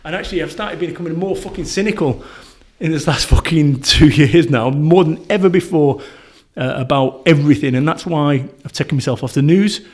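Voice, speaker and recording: A man's voice: a little high, brisk, few pauses. Blunt, sweary Northern English man. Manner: blunt, sweary, animated storytelling. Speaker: podcast guest, motivational speaker. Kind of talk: casual conversational interview.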